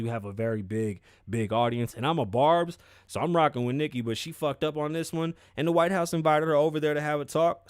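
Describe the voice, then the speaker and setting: Dude hosting a news podcast, kinda high voice, dry close sound, swears a lot. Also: male voice, no room sound. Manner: animated, profane, emphatic. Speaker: podcast host. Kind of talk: casual news commentary.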